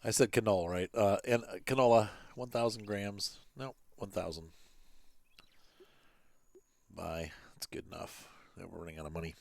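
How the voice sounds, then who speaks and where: A man's voice: lowish voice, steady tone, moderate pace, gravelly, pauses often, darkish tone, dry recording. Rambling man, dry close game commentary. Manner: rambling, chatty, many fillers and restarts. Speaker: gaming channel host. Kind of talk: casual let's-play commentary with storytelling.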